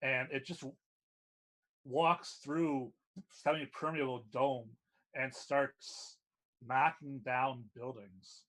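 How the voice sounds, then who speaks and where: A man running a tabletop game, calmly narrating scenes with frequent fillers. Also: medium pitch. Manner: unhurried descriptive narration with fillers. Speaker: game master.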